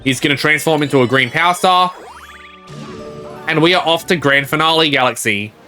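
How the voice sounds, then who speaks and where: A male game streamer talking through his play in a loose, rambling way, often reading the characters' lines aloud. His voice is bright and a touch high, with faint game music behind him. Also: moderate pace. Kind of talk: casual gameplay commentary.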